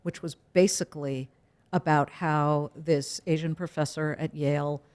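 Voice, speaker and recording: A woman's voice: low voice, a little slow, clear, resonant tone. Frank, emphatic woman news anchor. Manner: frank, emphatic, animated storytelling. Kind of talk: casual interview conversation.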